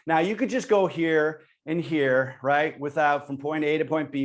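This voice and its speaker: A man presenting an online exercise class over a video call, giving energetic and encouraging coaching cues as he talks the group through each move. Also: fairly high pitch, moderate pace, few pauses.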